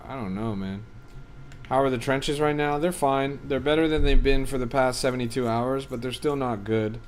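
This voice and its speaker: A man's voice: mid-range voice, normal speed, slight background noise. Man casually chatting on a livestream. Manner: offhand and profane, reads and answers chat. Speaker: crypto trading streamer.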